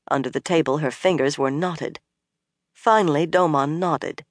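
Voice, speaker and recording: An audiobook narrator reading in a measured, even way, on a close studio mic. The voice sits in a middle register. The sound is dry, with no room in it. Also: mid-range voice, no room sound. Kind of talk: scripted narration.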